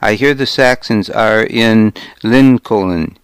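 A man's voice: on the low side, slow pace, smooth, no room sound. A man reading the part of a brusque, curt, gray-haired older woman in an audiobook. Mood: plain.

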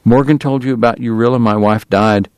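A man's voice: medium pitch, fairly even intonation, fairly quick, a little mellow, clean tone, no room sound, close to an everyday voice. A man voicing a tired, plain-spoken frontier lawman who talks bluntly and briefly. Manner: blunt and short, wary.

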